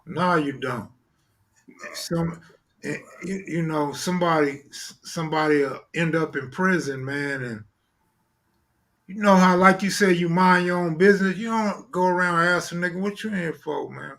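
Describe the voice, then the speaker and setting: A man's voice: fairly high pitch, normal speed, a bit bright. A man co-hosting a casual live-stream talk show, speaking in loose street slang and often asking "you know what I'm saying.". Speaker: co-host. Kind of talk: casual chat.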